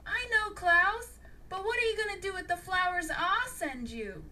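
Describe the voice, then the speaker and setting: A woman's voice: very high voice, lively intonation, normal speed, bright, forceful tone, pitched above the performer's own voice, full character voice. A woman reading the part of a curious, chatty boy, the hero's best friend, in a storybook.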